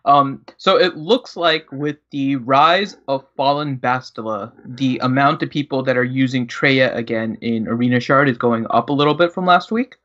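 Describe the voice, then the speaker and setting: A man hosting a gaming live stream, explaining stats in a halting, filler-heavy way. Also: medium pitch, fairly bright tone, highs cut off. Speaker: stream host giving the meta report.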